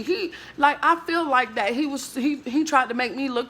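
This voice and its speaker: A woman vlogger with a high, somewhat bright voice speaks at normal speed with few pauses. In an emotional monologue to camera, she rants bluntly and emphatically, swearing and leaning on fillers like "like, bruh".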